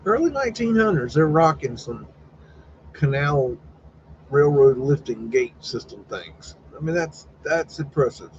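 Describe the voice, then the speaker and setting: In a loose, rambling live stream, a man chats folksily, swears casually and retells conversations in quoted voices. His fairly high voice is sing-song, a little slow and a little mellow. The recording sounds slightly dull, with faint background noise.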